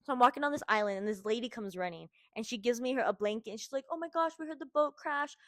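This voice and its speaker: Young woman from the us, podcast host, swears a ton, acts out what she said, kinda high voice. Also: quick pace. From United States. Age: young adult. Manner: lively, swears constantly, acts out her own quotes. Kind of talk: casual storytelling.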